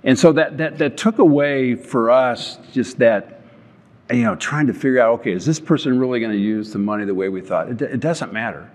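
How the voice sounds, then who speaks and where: A man's voice: medium pitch, brisk. An older man, a company founder, giving an earnest storytelling talk on stage and often restarting his words. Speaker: company founder speaking at an event. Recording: long hall reverb.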